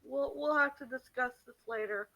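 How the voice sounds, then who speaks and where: A man's voice: very high-pitched, lively intonation, normal speed, vocal fry, bright, forceful tone, voice pushed up, heavily acted, low-quality recording. Man playing stern female arena owner, curt, scolding, everyday voice. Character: stern woman who owns the arena.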